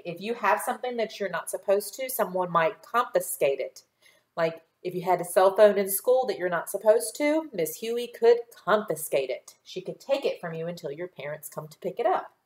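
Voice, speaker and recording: A woman teaching a recorded phonics lesson to children, patient and encouraging, stretching words out slowly and clearly as she models them. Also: medium pitch. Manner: slow, clear enunciation with drawn-out model words. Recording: echoey room.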